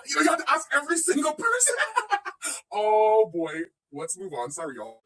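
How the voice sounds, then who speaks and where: Brief: woman in her thirties, reaction streamer, sarcastic and swearing, animated pitch, mic set back a bit. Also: moderate pace, recorded from a distance, slight background noise, rough recording. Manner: sarcastic, swearing, laughs often. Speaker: livestream host reacting to another streamer. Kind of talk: casual commentary livestream.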